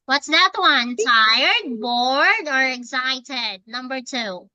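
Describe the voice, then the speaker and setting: Slow, high-voiced patient woman teacher. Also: expressive, sharp tone, no room sound, lo-fi sound. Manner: patient, coaxing, repeats prompts. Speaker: English teacher. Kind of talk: one-on-one lesson with a child.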